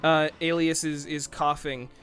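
A man's voice: fairly high pitch, level tone, measured pace, a bit bright, smooth, faint music behind. A man casually narrating a tabletop-style role-play, joking and rambling with frequent self-interruptions. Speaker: co-player.

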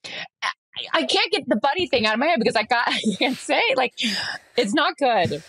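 A woman's voice: high voice, expressive, moderate pace, a bit bright, dry recording. Woman cohosting a podcast, chatty storyteller doing little voices for people, dry close sound. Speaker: podcast co-host. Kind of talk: casual chat.

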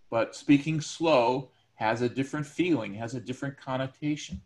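A man gives a recorded lecture to his students in a loose, conversational way. He explains ideas with everyday examples and fills his pauses with ums and uhs. His voice sits at an ordinary middle pitch. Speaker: teacher.

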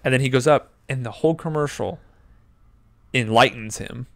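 A man in his twenties telling a story in casual chat, animated, swearing often and acting out quotes. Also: mid-range voice, normal speed, creaky, no room sound. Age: 20s. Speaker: podcast co-host.

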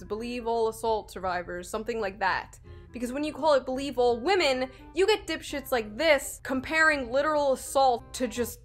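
Brief: high-pitched female commentator, mocking and blunt, with faint music underneath. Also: fairly bright tone. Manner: mocking, blunt, with crude swearing. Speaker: political commentary youtuber. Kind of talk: sarcastic commentary.

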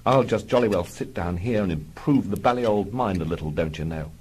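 A man voicing Ginger, a left-out young male airman who grumbles in a low public-school mutter in a comic audio story. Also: a little fast, a little mellow, slightly rough. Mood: grumbling.

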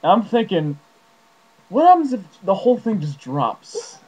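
A man rambling through an absurd comic monologue to camera, his voice jumping wildly in pitch and loudness. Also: wildly swooping pitch, moderate pace, breathy edge, rough recording. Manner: rambling, jumpy, wildly swinging pitch and volume. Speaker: vlogger.

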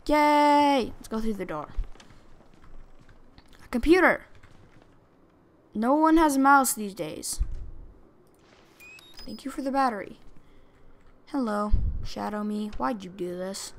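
A woman's voice: medium pitch, lively intonation, slow, pauses often. A woman doing horror game commentary, jumpy and frightened, screaming and talking back to the game. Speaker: let's play gamer.

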